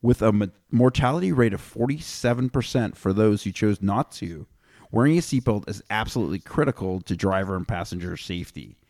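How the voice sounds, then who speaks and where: A man's voice: fairly low pitch, lively intonation, brisk, a little mellow, no room sound, studio quality. A man hosting a casual podcast, reading out statistics with offhand jokes. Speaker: podcast host.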